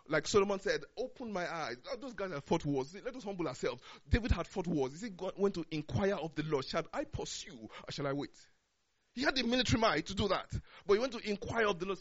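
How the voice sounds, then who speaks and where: A high-pitched man delivers a sermon. He swings between loud, urgent declarations and low, quiet asides. The recording sounds muffled and lo-fi. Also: lively intonation, fast talker. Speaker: preacher.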